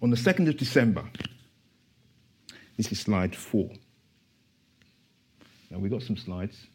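A man preaching a church sermon, moving from quiet asides to impassioned, emphatic declarations. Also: fairly low pitch, expressive, a little slow, slightly rough.

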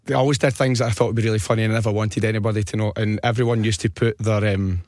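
A man's voice: fairly low pitch, rapid-fire, dry recording. A man with a Scottish accent, hosting a podcast and telling a prank story in a studio, laughing and doing voices as he goes. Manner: animated, laughs often, acts out voices in stories. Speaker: podcast host. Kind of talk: casual storytelling chat. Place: radio studio. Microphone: studio mic.

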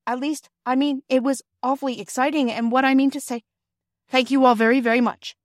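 A woman puts on a nervous young boy for a storybook reading, his voice lifted high and pushed loud as he rushes his words. He sounds flustered and out of his depth. The recording is close and dry. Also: level tone, no echo. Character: nervous boy stammering a thank-you speech.

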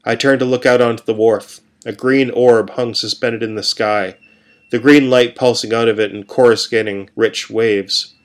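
A man reading a first-person story aloud in a calm, steady way. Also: medium pitch, normal speed.

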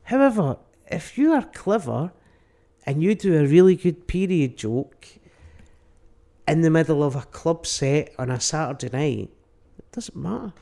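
Man, gravelly, mellow tone, rambling comic chat. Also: on the high side, measured pace. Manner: animated, rambling, mimics people mid-story. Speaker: stand-up comedian guest. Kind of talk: casual podcast chat.

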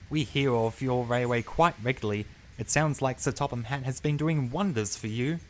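A man voicing a cheerful old male steam engine in a storybook reading, talking in brisk, chatty bursts. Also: mid-range voice, slight background noise, close to an everyday voice.

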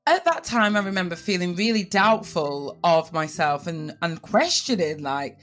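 A woman with a Northern English accent, speaking in a lowish register as she tells her personal story. She is animated and shifts her voice when quoting others. Soft music plays faintly underneath. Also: moderate pace. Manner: animated, lively voice changes for quoted speech. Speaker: TV presenter.

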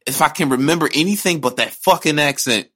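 A man's voice: a little high, fast talker, a bit bright. A man co-hosting a podcast in casual chat, ranting and joking with lots of swearing. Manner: ranting, profane, jokey. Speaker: podcast co-host.

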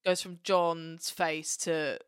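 Animated, sweary young Englishwoman. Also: low-pitched, slow, smooth, no echo, clean studio sound. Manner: animated, swears a lot, acts out characters. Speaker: podcast co-host. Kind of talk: casual chat.

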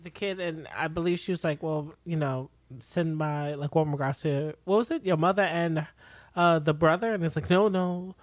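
Give me a podcast co-host with a middling pitch and dry humor, chatting about a show. The voice sounds close and dry, with no room echo. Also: normal speed. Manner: dry, throws in mock character lines. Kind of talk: casual TV recap chat.

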